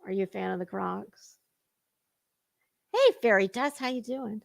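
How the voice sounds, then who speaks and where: Woman streamer, slow and gravelly, dry close sound, salty chat host. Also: mid-range voice, no echo. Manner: salty, chatty, drawling, with cusswords. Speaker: livestream host. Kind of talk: casual livestream chat, greeting viewers.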